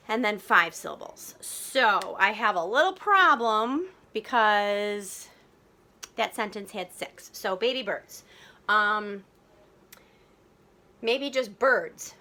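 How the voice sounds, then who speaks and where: A woman teacher giving a recorded lesson, thinking aloud and slowly sounding out syllables. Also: mid-range voice, pushed and bright.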